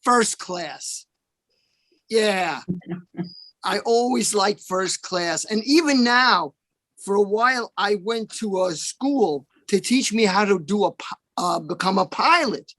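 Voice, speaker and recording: A man telling deadpan stand-up one-liners over a video call at an open mic. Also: high-pitched, takes it slowly, dry recording.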